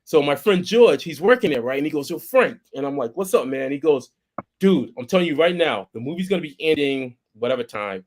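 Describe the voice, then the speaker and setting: On a casual podcast, a co-host from Boston, United States, tells a story full of restarts and acted-out quoted voices. He speaks fairly quickly in a fairly high voice. His delivery is animated, and he repeats words as he goes.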